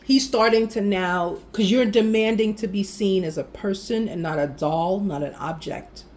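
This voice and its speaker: A woman giving a casual tarot reading, animated and speaking directly to the viewer with frequent affirmations. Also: mid-range voice, normal speed. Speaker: tarot reader.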